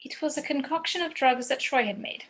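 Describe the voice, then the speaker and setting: A woman's voice: high-pitched, fairly quick, fairly bright tone. A woman reading the part of a worried wife, urgent and concerned in an amateur script reading.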